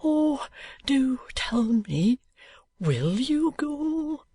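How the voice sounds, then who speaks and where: A man's voice: extremely high pitch, sing-song, drawn-out words, mellow, dry recording, voice pushed up, full character voice. A man voicing a timid, tearful, downtrodden young man of nineteen who pleads in a breaking half-whisper. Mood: pleading.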